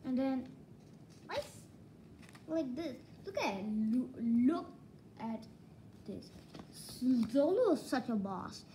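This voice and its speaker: A woman casually reviewing manga volumes, rambling and excitable, leaning on "like" as filler. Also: sits high, slow pace, long pauses, a little hiss or hum, rough recording. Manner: rambling, excitable, heavy use of "like".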